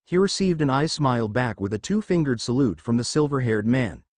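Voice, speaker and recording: A man narrating a fan fiction story in a steady storytelling read. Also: medium pitch, a little fast, dry recording, studio quality.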